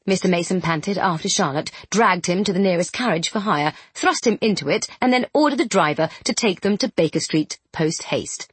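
A woman reading a novel aloud as an audiobook narrator, measured and expressive. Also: fairly low pitch, husky, dry recording. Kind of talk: scripted narration.

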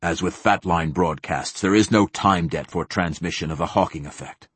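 A cold, clipped military admiral, read by a man in a very low, husky voice. He answers in a flat, curt deadpan. The sound is close and dry. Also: normal speed, no room sound. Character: cold, clipped middle-aged male fleet admiral.

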